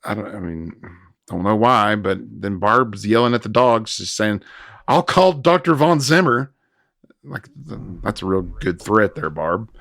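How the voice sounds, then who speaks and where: A man in his thirties co-hosting a casual film review chat, recapping scenes with quick asides and frequent laughs. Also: on the low side, gravelly, a bit bright, no echo, clean studio sound. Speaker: podcast co-host.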